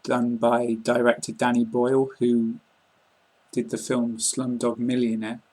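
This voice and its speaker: British man, English teacher, husky, flat even delivery, calm explaining. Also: medium pitch, unhurried, low-quality recording. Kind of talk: online lesson.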